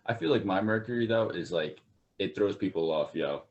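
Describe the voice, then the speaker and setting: A young man talking as a podcast guest in casual chat, slow, relaxed and laid-back. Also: sits low, muffled recording.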